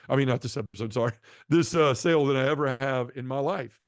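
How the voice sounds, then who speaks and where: A man tells his life story earnestly and at a quick clip, acting out what people said. His voice sits in a middle register and is recorded close and dry, with no room sound. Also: mid-range voice, steady tone, dry recording. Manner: earnest, acts out quoted dialogue. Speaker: podcast guest. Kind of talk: personal testimony storytelling.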